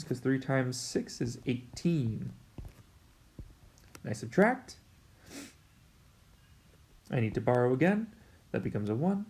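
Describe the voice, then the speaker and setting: A male math teacher's medium-pitched voice sounds creaky and a little mellow as he explains a recorded lesson at the whiteboard. He keeps it casual and talkative, addresses his students head-on, and jokes about his own slips as he works.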